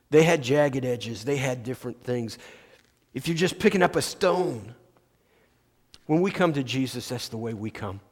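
A man preaching a sermon as pastor, slow and emphatic, restarting his phrases often. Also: a little high. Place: church sanctuary. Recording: long church reverb.

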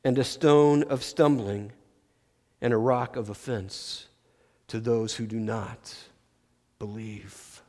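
A man preaching a sermon as pastor, slow and emphatic, restarting his phrases often. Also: medium pitch, fairly even intonation, a little mellow. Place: church sanctuary. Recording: long church reverb.

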